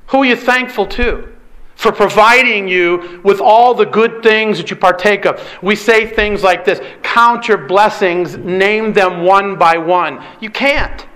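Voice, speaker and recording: A male pastor delivering a sermon in a high, ringing voice with a forceful edge. He hammers his points by repeating single words and keeps turning to his listeners with rhetorical questions. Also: steady tone, unhurried, low-quality recording. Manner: emphatic, repeats key words and asks the congregation rhetorical questions.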